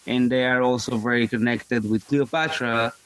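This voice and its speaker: Relaxed man drummer telling stories. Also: medium pitch, moderate pace, a little hiss or hum. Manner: relaxed storytelling, light laughs. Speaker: drummer, guest. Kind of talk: casual interview chat.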